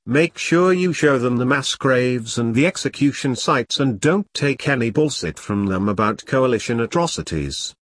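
A man's voice: mid-range voice, expressive, moderate pace, few pauses, no room sound, studio quality, natural voice. A man voicing an impatient British army major giving his troops curt orders. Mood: commanding. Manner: curt, commanding briefing tone. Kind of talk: audiobook character reading.

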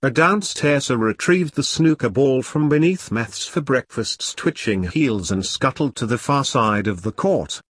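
A man narrates in a wry, earthy way, like a scripted storybook reading. His voice is husky and mid-pitched, and the recording is close and dry. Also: lively intonation, measured pace, few pauses, no room sound. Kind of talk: scripted dark comic narration.

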